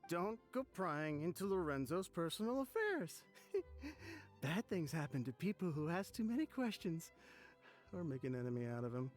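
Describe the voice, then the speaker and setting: A man's voice: on the high side, big pitch swings, normal speed, faint music behind. An actor playing a tipsy, nervous young man in a video game, slurring and rambling. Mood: tipsy wary. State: drunk.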